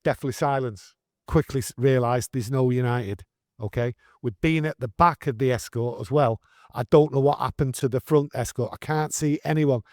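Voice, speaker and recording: A man's voice: medium pitch, normal speed, no echo, studio quality. Older Manchester man telling a war story. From England. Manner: animated, earnest, slips into broad northern dialect. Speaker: guest storyteller. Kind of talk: casual storytelling interview.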